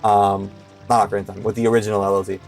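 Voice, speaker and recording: A man's voice: fairly low pitch, level tone, racing, a little mellow, soft background music. A young man giving casual commentary while playing a video game, hesitant and full of filler words. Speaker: streamer.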